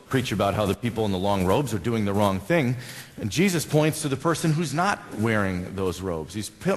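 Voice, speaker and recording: A male pastor with an American accent, preaching a conversational sermon and putting questions to his congregation. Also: mid-range voice. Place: church sanctuary. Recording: long church reverb.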